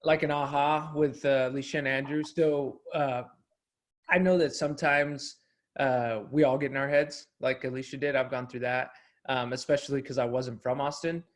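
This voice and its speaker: A man giving a steady, explanatory comment during a group call, with frequent fillers. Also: medium pitch, normal speed. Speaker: team member.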